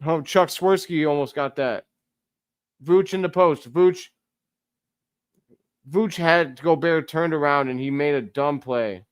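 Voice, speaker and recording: A man hosting a live stream, giving casual play-by-play commentary as an excitable fan who talks to his chat. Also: fairly high pitch, slow, long pauses, clean tone, no room sound, clean studio sound.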